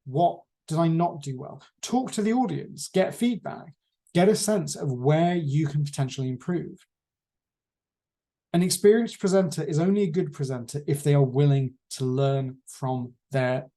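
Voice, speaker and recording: A man teaching a class on presentation skills, lecturing in a measured way with deliberate pauses. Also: a little high, dark tone.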